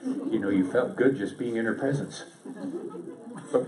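A man giving a seminar presentation to an audience, lively and joking in a conversational way. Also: mid-range voice, moderate pace. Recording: echoey room, distant mic.

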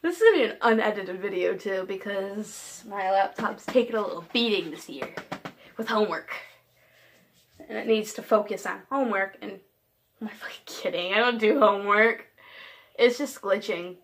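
A teenage girl vlogger chats casually in a mid-range voice at normal speed. She's giggly, scattered and self-deprecating, jumping from one topic to the next in rambling fashion.

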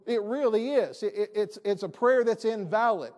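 A pastor preaches to his church in a high-pitched man's voice. He presses his points hard and repeats his key lines for emphasis. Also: moderate pace, hardly any pauses, a little mellow. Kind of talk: sermon. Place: church sanctuary.

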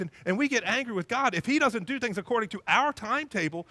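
A male pastor preaching a sermon in a church, animated and acting out little scenes in different voices. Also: high-pitched, a little fast, few pauses.

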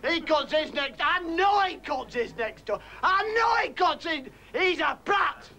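A man doing a stand-up comedy rant, shouting and exasperated, with an audience laughing faintly behind him. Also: very high-pitched, sing-song, unhurried, background noise. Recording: faint studio audience crowd.

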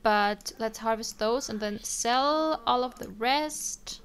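A woman's voice: fairly high pitch, slow, a bit bright. A young woman casually commenting on her life-simulation game, chatting to her characters with frequent ums and little laughs. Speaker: let's play streamer.

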